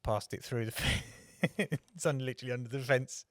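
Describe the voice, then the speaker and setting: A man chatting on a podcast, with a voice of ordinary pitch and a dry, close sound. He rambles through anecdotes, restarts often and swears without a second thought. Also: a little fast, fairly bright tone, dry recording. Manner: swears freely, tells rambling anecdotes with acted quotes. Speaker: podcast co-host. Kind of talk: casual chat.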